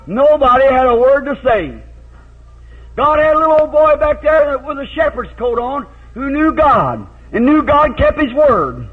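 A man preaching a revival sermon in a folksy storytelling way, breaking into shouted hallelujahs. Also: very high-pitched, lively intonation, a little slow. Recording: tinny phone-like old tape.

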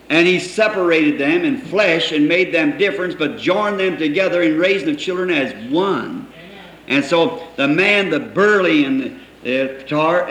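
A man's voice: on the high side, a bit bright. A man preaching a sermon, telling homely stories and chuckling as he quotes people. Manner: folksy storytelling, quoting others, chuckling. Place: church. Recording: echoey old church recording with faint hiss.

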